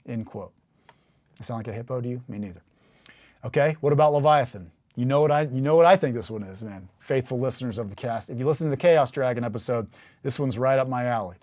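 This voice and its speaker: A man hosts a casual Bible teaching podcast in a chatty, animated way. He slows down into measured, dramatic readings when he quotes scripture. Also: mid-range voice. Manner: chatty and animated, bursts of laughter and emphatic rises.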